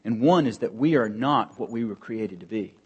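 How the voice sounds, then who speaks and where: A man preaching a sermon as pastor, earnest and emphatic, with pauses and rising emphasis. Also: on the low side, expressive, husky, highs cut off.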